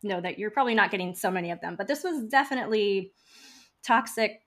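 A woman's voice: medium pitch, fast talker. Chatty woman telling stories, lots of "like". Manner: chatty, frequent "like" fillers, animated storytelling. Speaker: podcast guest, funeral home founder. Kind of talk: casual interview storytelling.

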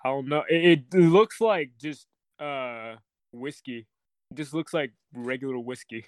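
A man's voice: mid-range voice, clean tone, no room sound. Stammering young man chatting. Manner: halting, stammering restarts with many fillers. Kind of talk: casual chat.

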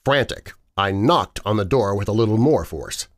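Deep-ish guy reading a creepy story, lively ups and downs, faint music under it. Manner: measured, dramatic first-person reading. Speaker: narrator. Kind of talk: scripted horror story narration. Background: faint background music.

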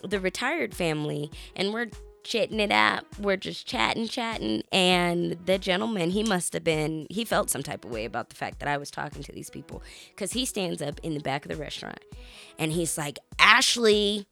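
A woman's voice: lowish voice, moderate pace, creaky, faint music behind. A woman co-hosting a podcast, telling a story in casual chat and acting out what people said. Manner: animated storyteller, acts out quotes. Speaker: podcast co-host.

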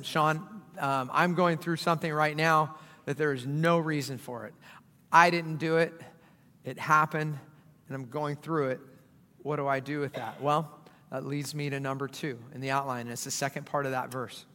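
A man delivers a sermon in a chatty, humorous way, swinging between hushed asides and loud stretches. His voice sits high with a bright ring, and the sound carries a long reverb from a large church hall. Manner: conversational, joking preacher with dramatic swings in loudness. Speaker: pastor. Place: church auditorium.

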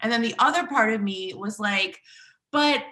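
A woman in her thirties hosting a solo podcast, talking in a chatty, bubbly way full of "like", with a slightly husky morning voice. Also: medium pitch, normal speed, pushed and bright, roomy sound. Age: 30s. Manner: chatty, bubbly, filler-heavy with "like". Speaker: podcast host and inner child healing coach.

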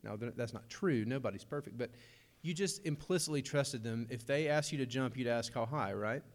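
A man's voice: mid-range voice, moderate pace. A young adult man, preaching a sermon in a conversational way with humorous asides. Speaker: pastor.

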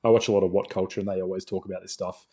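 Young man, sarcastic ranting film talk, mellow husky voice, fairly low. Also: flat delivery, racing. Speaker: podcast co-host. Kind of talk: casual film review chat.

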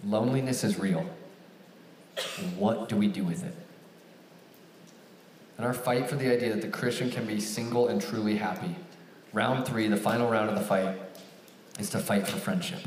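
A young man giving a storytelling sermon to a live audience, acting out a phone call with animated raised voices. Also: lowish voice, normal speed, long pauses, slight background noise. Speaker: campus ministry speaker. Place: large hall with an audience. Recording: echoey hall, picked up from a distance.

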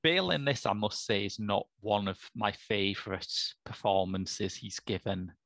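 A man with a low, gravelly voice trades film opinions on a podcast with dry, wry humour. The sound is dry and close. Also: lively intonation, normal speed, a bit bright, no echo. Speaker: podcast co-host. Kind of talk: casual film chat.

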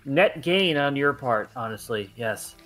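A man's voice: medium pitch, lively intonation, a little slow, fairly bright tone, soft background music. A man playing in a tabletop game, chatting playfully and laughing often. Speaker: player.

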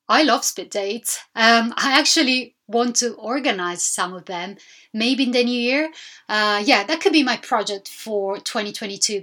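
A woman's voice: fairly high pitch, bright, forceful tone. Reflective woman hosting a solo podcast. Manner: reflective, candid, with frequent restarts. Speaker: podcast host.

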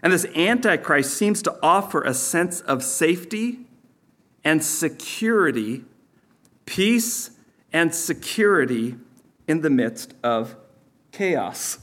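A man's voice: on the high side, expressive, takes it slowly, a bit bright. A man preaching a sermon as pastor, teaching in a conversational way with sarcastic asides.

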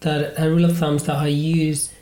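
A man's voice: fairly high pitch, flat delivery, normal speed, dark tone. Spanish accent guy hosting a podcast, rambles lots with ums and restarts, echoey room. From Spain. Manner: rambling, many fillers and restarts. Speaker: podcast host and improv comedian. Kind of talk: casual podcast chat.

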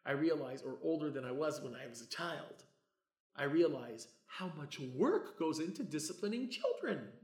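A middle-aged man preaching a sermon as a pastor, talking in a casual, conversational way and swinging between loud, emphatic passages and hushed asides. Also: on the high side, animated, moderate pace. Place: church hall. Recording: roomy church echo.

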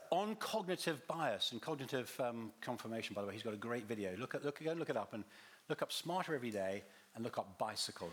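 A man's voice: on the low side, slight background noise. A man giving a teaching talk to a congregation, quizzing the listeners and restarting his phrases as he goes. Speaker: visiting Bible teacher.

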